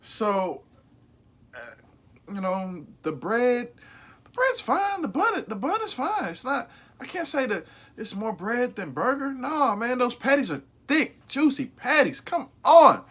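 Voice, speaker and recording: A man giving a casual, emphatic fast food burger ranking, slangy and profane, often repeating himself. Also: very high voice, big pitch swings, fairly bright tone. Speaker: food reviewer vlogger.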